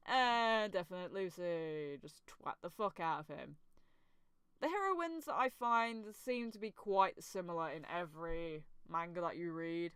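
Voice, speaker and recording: A woman's voice: lowish voice, animated, unhurried, fairly bright tone, clear, resonant tone, dry recording. A young woman giving casual reaction commentary on a manga chapter, swearing freely and laughing often.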